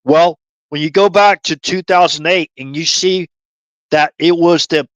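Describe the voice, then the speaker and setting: Brief: male streamer, rambling conspiratorial monologue, slightly high pitch, dry. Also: steady tone, measured pace, fairly bright tone, no echo. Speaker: livestream host. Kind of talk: rambling livestream commentary.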